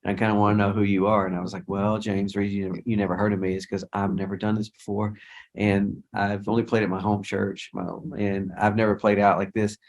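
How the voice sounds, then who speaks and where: A man's voice: fairly low pitch, flat delivery, brisk, darkish tone. A middle-aged man, a guest worship leader, telling stories in a casual interview in a rambling way, with many restarts and quoted dialogue.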